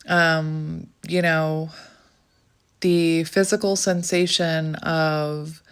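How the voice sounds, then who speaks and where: A woman's voice: sits low, clear, resonant tone. A woman who is out of breath, giving a rambling, musing tarot reading in a casual spoken style. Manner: musing, rambling, filler-heavy. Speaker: tarot reader.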